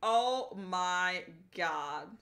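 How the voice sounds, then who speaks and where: A woman's voice: on the low side, very slow. A young woman streaming a game live, chatting casually with her viewers in a bubbly, giggly way as she plays. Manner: bubbly, giggly and animated, greeting chat by name. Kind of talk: casual live-stream chat while gaming.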